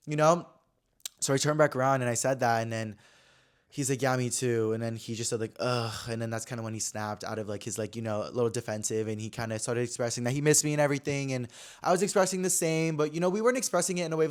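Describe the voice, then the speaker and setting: A man's voice: mid-range voice, steady tone, fast. A man in his twenties hosting a podcast, telling a personal story in a chatty, filler-heavy way that swings between dramatic and subdued. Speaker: podcast host. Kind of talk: casual storytelling chat.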